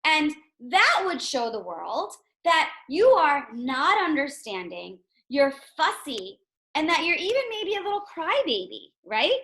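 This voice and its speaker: A woman with a high voice teaches a reading lesson to young children. She speaks gently and asks many questions. She keeps checking in with her listeners. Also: sing-song, a little slow.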